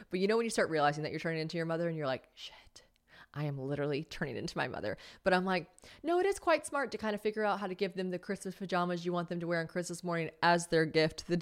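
Chatty woman podcast host. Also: low-pitched. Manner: chatty, rambling, laughs often. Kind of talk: casual chat.

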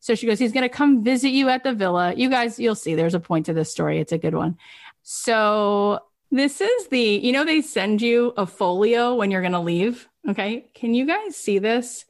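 A middle-aged woman business coach telling her students emphatic, animated stories. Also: mid-range voice, moderate pace. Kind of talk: coaching talk.

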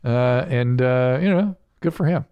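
A man's voice: medium pitch, a little slow, smooth, no room sound, muffled recording. A man hosting a podcast, commenting casually on viral videos with amused, laughing reactions. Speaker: podcast host.

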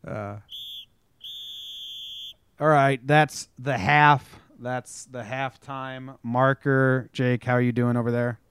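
A young man co-hosting a podcast in casual sports chat, talking in an animated, storytelling way and swearing freely. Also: medium pitch, takes it slowly, long pauses, clean tone. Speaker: podcast co-host.

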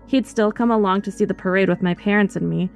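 Over faint background music, a woman with a gravelly, mid-range voice reads a first-person horror story at a quick pace, performing it in an expressive, scripted style.

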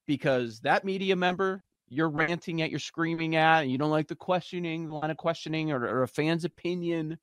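A man's voice: a little high, a little fast, few pauses, dry recording, studio quality. Chatty sports podcast host man. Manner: chatty, animated storytelling. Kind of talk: sports betting talk show.

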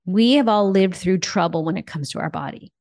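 A woman's voice: fairly low pitch, brisk, a little mellow. A woman co-hosting a faith conversation, speaking in an emphatic, preacherly, encouraging way. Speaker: co-host. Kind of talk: faith-based podcast conversation.

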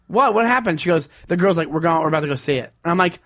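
A man co-hosting a podcast in casual chat, telling stories with lively acted-out quotes. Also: a little high, racing. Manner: animated storyteller, acts out quotes loudly. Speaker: podcast co-host.

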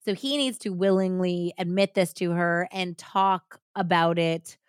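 A woman's voice: lowish voice, unhurried, smooth, no echo, studio quality. A woman podcast host retelling a story in casual chat, acting out the quotes as she goes. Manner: animated retelling with acted-out quotes.

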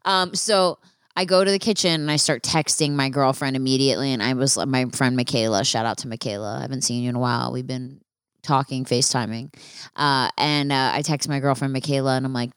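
A woman's voice: very deep voice, fairly even intonation, brisk, clean tone, dry recording, clean studio sound. A young woman hosting a solo podcast, telling a story in a frank, casual way with plenty of swearing and fillers. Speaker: podcast host.

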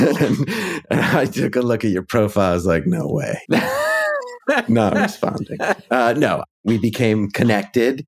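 A man who is a guest on a podcast, talking in a relaxed, reflective way and laughing easily as he tells stories. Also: medium pitch, unhurried, husky. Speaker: guest, ghostwriter and author. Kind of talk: casual interview conversation.

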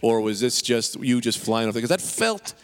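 A man's voice: medium pitch, expressive, moderate pace, clean tone. A man, a comedian and podcast regular, chatting loosely with frequent stumbling restarts. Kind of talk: casual podcast banter. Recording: long reverb.

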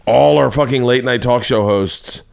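A man in his forties from the United States, hosting his own show with a rambling, profane comedic monologue and animated storytelling. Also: medium pitch, moderate pace, gravelly. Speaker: comedian podcast host.

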